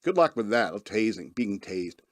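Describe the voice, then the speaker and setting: A man's voice: on the low side, very animated, moderate pace, a little hiss or hum. A man hosting a radio podcast in a casual monologue, rambling and laughing often as he acts out the people he describes. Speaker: podcast host.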